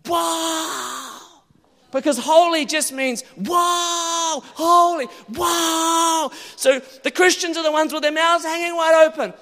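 A male preacher giving an animated sermon, now and then bursting into loud exclamations. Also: very high voice, a little fast, hardly any pauses. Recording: long hall reverb.

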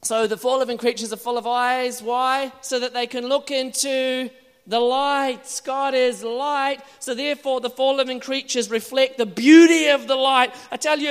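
High-voiced preacher man in a reverberant hall. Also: clean tone. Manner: animated, builds to shouted exclamations. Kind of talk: sermon.

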